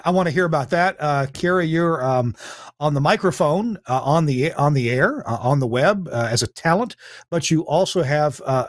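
A man hosting a talk show, speaking haltingly with frequent fillers and restarts and laughing often. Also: medium pitch, dry recording, clean studio sound. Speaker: host.

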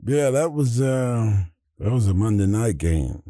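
A man in his sixties from Atlanta, Georgia, casually telling profane, animated stories as a guest and laughing as he acts out quotes. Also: on the low side, a little slow, no room sound, studio quality. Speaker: guest, retired football player. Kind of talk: casual storytelling.

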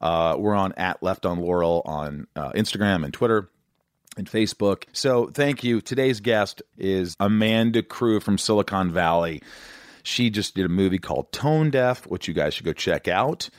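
Brief: male podcast host, 40s, very low voice, dry close sound, energetic and rambling. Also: moderate pace, no echo. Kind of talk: casual interview chat.

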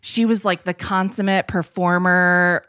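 A woman's voice: lowish voice, steady tone, measured pace, a bit bright, clear, resonant tone, no room sound, studio quality. A woman co-hosting a podcast, telling a story in rambling, filler-heavy casual chat. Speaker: podcast co-host.

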